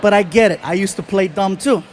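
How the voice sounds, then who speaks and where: A man doing animated stand-up storytelling on a live stage, throwing in sound effects. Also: sits high, fairly quick, slight background noise. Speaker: stand-up comedian.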